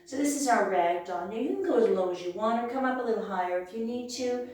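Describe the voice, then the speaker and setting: A woman leading a yoga class with calm, encouraging cues, sometimes losing her voice. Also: on the high side, fast, slight background noise. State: clearing her throat, losing her voice. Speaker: yoga instructor. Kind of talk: guided yoga class instruction. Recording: very echoey room, voice from far off.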